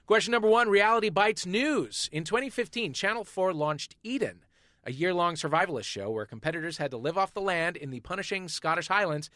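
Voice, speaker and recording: Man, quiz host, lively pitch, quick pace, dry studio sound. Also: dry recording. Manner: quick, animated and joking. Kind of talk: hosting a comedy quiz podcast.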